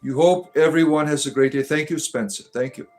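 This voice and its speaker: A man with a Detroit accent hosting a livestream, reading viewer comments aloud and answering them in a deadpan, tongue-in-cheek mystic persona. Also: fairly high pitch, fairly quick, faint music behind. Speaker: livestream host.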